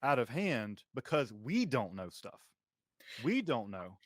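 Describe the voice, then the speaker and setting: A man's voice: mid-range voice, sing-song, takes it slowly. A man hosting an academic conversation, speaking emphatically and articulately. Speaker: podcast host.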